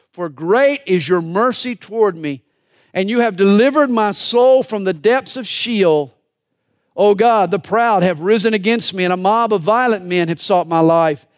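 High-voiced man preaching with fervor. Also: dry recording, studio quality. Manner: dramatic preaching, swinging from hushed to fervent. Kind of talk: sermon.

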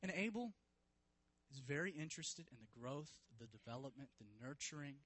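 A man preaching a sermon, retelling a story vividly and swinging from hushed to loud, emphatic passages. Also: a little high, expressive, moderate pace, poor audio. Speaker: pastor.

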